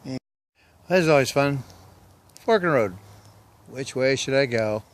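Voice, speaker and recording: A hiking vlogger rambles in a folksy, joking way as he walks through woods and along country roads. His medium-pitched voice is expressive and unhurried.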